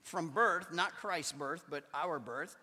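A pastor preaching a sermon, with emphatic declarations that drop to hushed asides. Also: male voice, a little high, slow. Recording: long hall reverb.

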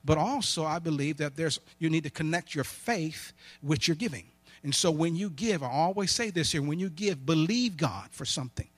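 A man's voice: fairly high pitch, animated, moderate pace, dry recording. A man preaching a sermon with personal stories, emphatic and in call-and-response style, often asking questions and answering them himself. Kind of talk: sermon with storytelling.

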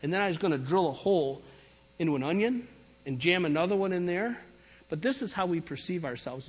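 A middle-aged man preaching a sermon, telling his story in an animated, emphatic way. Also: a little high, a little hiss or hum. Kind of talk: sermon testimony. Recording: long reverb of a large hall.

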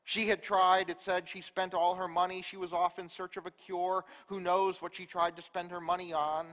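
A man preaching a sermon, telling a story with rhetorical questions and dropping from loud to quiet. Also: sits high, level tone, normal speed, big-room sound. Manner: storytelling, rhetorical questions, big swings in loudness.

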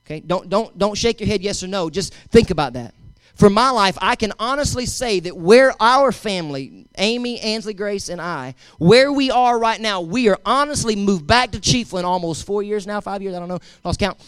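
A man's voice: high voice, lively intonation, normal speed, a bit bright, smooth, no echo. A male pastor preaching a sermon, emphatic and repetitive, talking straight to his congregation.

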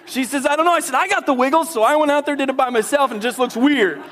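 A man preaching a sermon in a church, animated and playful, acting out voices and calling on the crowd. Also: very high-pitched, racing, a little hiss or hum. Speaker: pastor.

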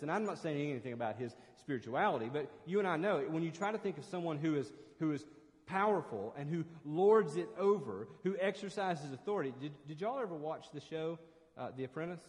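A man preaching to his congregation with earnest emphasis, repeating and restarting phrases as he builds a point. His voice sits a little higher than most men's, and a long church-hall reverb trails behind each line. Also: lively intonation, a little fast. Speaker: pastor. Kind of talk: sermon.

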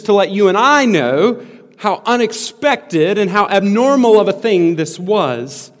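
Male pastor, emphatic sermon delivery, slightly high voice; reverberant church hall. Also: moderate pace. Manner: emphatic, earnest, with repeated restarts.

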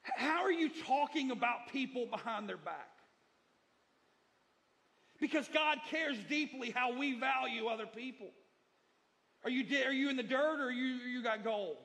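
High-pitched guy preaching, middle-aged pastor, keeps hammering the same line over and over. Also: animated, moderate pace, gravelly, pauses often, a bit bright. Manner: repetitive, emphatic preaching with storytelling. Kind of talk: sermon.

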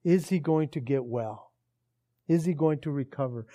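A man preaching a sermon in a casual, animated storytelling way that builds in intensity. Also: fairly high pitch, normal speed. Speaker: pastor.

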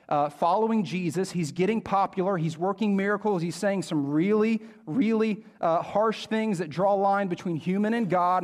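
A man preaching a sermon to a congregation in a conversational way, restarting phrases and checking in with the crowd. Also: sits high. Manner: conversational, repeats words when restarting, asks the crowd questions. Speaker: pastor.

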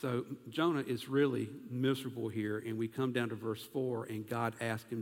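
A man preaching an animated sermon as pastor, asking his congregation questions as he goes. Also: mid-range voice, moderate pace, hardly any pauses, long reverb tail.

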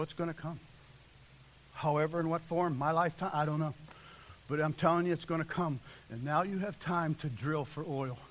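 A man preaching a sermon as pastor, impassioned, swinging from shouts to hushed whispers. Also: fairly high pitch, a little hiss or hum.

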